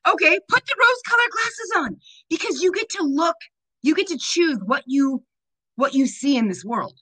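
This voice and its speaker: A woman's voice: sits high, lively intonation, normal speed, sharp tone, rough recording. A woman in casual chat on a video call, upbeat and emphatic, laughing often.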